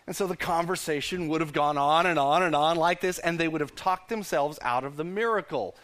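A male pastor preaching a sermon with animated storytelling, often stumbling and repeating words. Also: on the high side, fairly quick, hardly any pauses.

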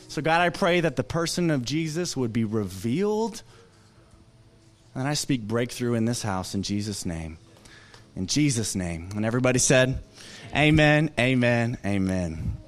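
A young man preaching a conversational sermon to a church crowd, animated and joking as he tells stories with lots of fillers. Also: mid-range voice. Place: church service.

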